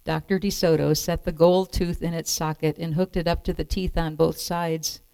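A woman calmly reading a children's picture book aloud as storyteller. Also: low voice, moderate pace, creaky, clear, resonant tone, no room sound.

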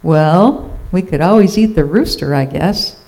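A laid-back farmer from a storybook, speaking plainly, as a reader voices him. The voice is mellow and unhurried. It stays close to an everyday tone. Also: mid-range voice, natural voice. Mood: offhand. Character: easygoing farmer, grown man. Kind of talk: storybook read-aloud.

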